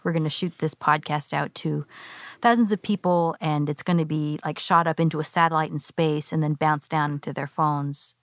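A podcast co-host talks through ideas in a casual discussion, thoughtful and rambling with many "like" fillers. Her voice sits low with a steady tone at a moderate pace, recorded dry into a studio microphone.

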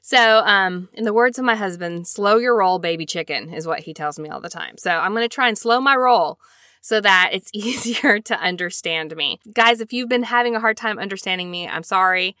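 Bright, fast-talking chatty woman host. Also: medium pitch, no room sound, studio quality. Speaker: podcast host. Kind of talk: casual scripture-study podcast talk.

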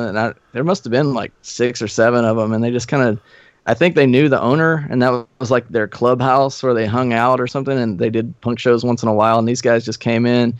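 A man guesting on a podcast spins rowdy road stories in a loose, profane way, slipping into quick impressions of the people in them. His voice sits at an ordinary pitch. The sound is dull and muffled, dry and close. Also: dry recording. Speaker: guest musician. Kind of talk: casual storytelling chat.

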